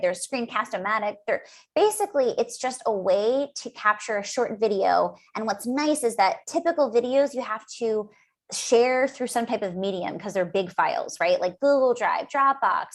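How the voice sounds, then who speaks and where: A woman guest on a podcast, talking in a chatty, enthusiastic way with lots of fillers and acted-out asides. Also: mid-range voice. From United States. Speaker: guest speech-language pathologist. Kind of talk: casual podcast interview.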